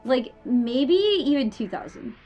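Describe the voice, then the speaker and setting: Young woman, slightly high voice, sleepy, yawning, casual game stream chat, swears a lot. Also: big pitch swings, takes it slowly, mellow, muffled recording, soft background music. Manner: casual, swears often, chats to viewers. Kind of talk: casual live-stream chat while gaming.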